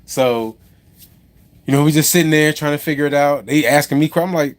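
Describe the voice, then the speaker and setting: A man's voice: fairly high pitch, fast talker. A man who drives a truck and owns a trucking company, telling a story on a casual live stream, rambling with many restarts and asides to viewers.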